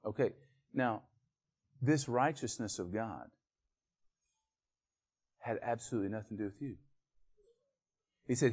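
A man preaching a sermon, building to loud, emphatic peaks and then dropping back to quiet verse-by-verse teaching. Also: on the low side, measured pace, pauses often, slightly rough. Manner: walks the congregation through scripture verse by verse.

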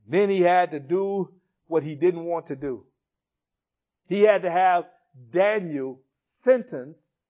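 A man preaching a sermon, retelling a Bible story in an expressive storytelling way. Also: on the high side.

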